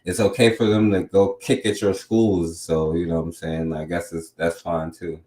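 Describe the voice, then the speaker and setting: A man with a very deep voice hosts a casual talk show, rambling loosely and tagging many of his sentences. His voice rings around an echoey room. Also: flat delivery, moderate pace, darkish tone. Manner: loose and rambling, lots of filler tags. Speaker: podcast host. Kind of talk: casual commentary.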